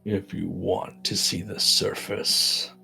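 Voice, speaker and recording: A man's voice: deep voice, level tone, creaky, pushed and bright, soft background music, full character voice. A man voicing a wheezing, formal ghoul. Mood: solemn. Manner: slow, formal speech. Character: wheezing ghoul of fused bodies, slow and formal.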